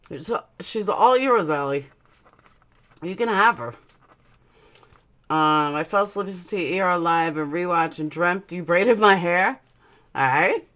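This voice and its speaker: A woman's voice: fairly low pitch, fairly bright tone. Chatty woman streamer with a slight lisp. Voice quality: slight lisp from dental aligners. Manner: chatty, blunt, swears casually, answers chat aloud. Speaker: livestream host reading chat. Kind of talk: casual live-stream chat.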